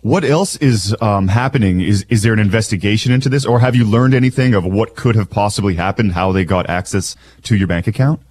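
Husky-voiced male radio host asking questions. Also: on the low side, fairly quick, hardly any pauses, a little mellow. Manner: empathetic, probing questions. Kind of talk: radio interview.

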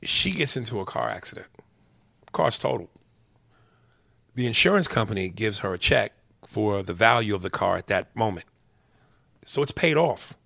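A man telling a story as a heated, profane rant, swinging between loud outbursts and low muttered asides. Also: expressive, moderate pace, vocal fry, pauses often, no echo.

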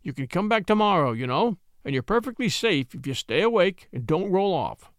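A man voicing a clever young lawyer who speaks in a stern, measured, confident way. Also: sits high, sing-song, no echo, studio quality.

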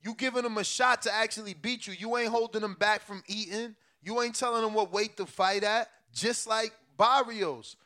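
A man hosting a boxing talk show, ranting in a profane, animated way. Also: high-pitched, moderate pace, few pauses. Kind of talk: heated casual boxing talk.

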